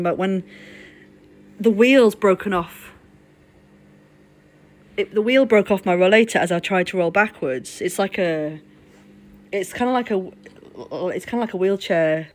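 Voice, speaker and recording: A woman talks on a live stream while still shaken and trembling from a fall. She rambles, repeats herself and restarts her sentences, dropping the odd swear word. Her voice sits at an ordinary pitch for a woman, and she is speaking from the floor at home. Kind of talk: unscripted live-stream talk.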